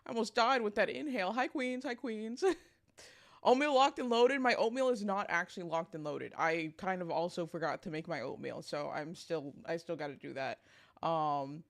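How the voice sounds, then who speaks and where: A woman's voice: fairly low pitch, moderate pace. A young woman streaming, chatting casually with a sleepy morning voice, laughing often and greeting chat.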